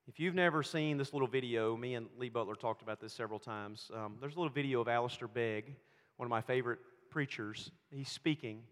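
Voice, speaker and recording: A man preaching a sermon, swinging between loud emphatic lines and hushed, quiet storytelling. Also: mid-range voice. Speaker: pastor. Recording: long hall reverb.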